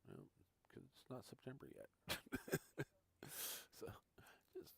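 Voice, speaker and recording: A man's voice: mid-range voice, huge pitch swings, slow, gravelly, fairly bright tone, slightly rough. A man chatting casually with viewers while he tours a farming game live, thinking aloud as he goes. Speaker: gaming streamer. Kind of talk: casual live-stream commentary.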